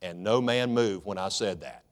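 A man's voice: low-pitched, moderate pace. A man preaching a sermon in a folksy, joking way, calling for amens. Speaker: pastor.

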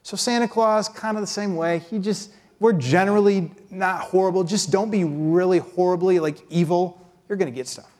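A man preaching a conversational sermon, acting out quick impressions of how people picture God. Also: darkish tone. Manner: conversational, acts out quick impressions with pitch jumps.

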